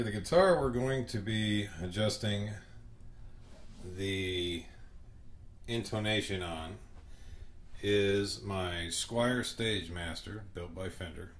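A man hosting a home guitar tutorial, short of breath and speaking in slow, halting phrases with pauses. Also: low voice, a bit bright, a little hiss or hum.

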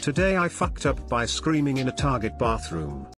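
A man narrating online stories in a dry, deadpan reading voice. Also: mid-range voice, normal speed, faint music behind.

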